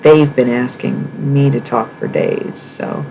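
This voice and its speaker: A woman's voice: extremely low pitch, fairly even intonation, slow pace, creaky, hardly any pauses, heavy background noise. A woman from the Midwest hosting a livestream, talking frankly and emphatically in a casual monologue, swearing and asking rhetorical questions. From American Midwest. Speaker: livestream host.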